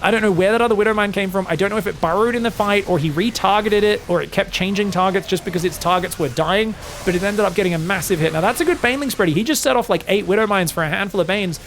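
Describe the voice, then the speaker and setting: A man casting an esports match solo, excitable and jokey, with casual swearing. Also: sits high, fast, a little hiss or hum. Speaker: esports commentator. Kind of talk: solo game commentary.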